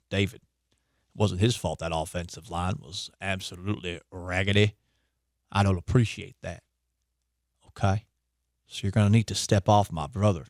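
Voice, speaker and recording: Man putting on a deep, menacing quarterback voice, mock-tough and threatening, clearly lowered from his own. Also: dry recording, clean studio sound, natural voice.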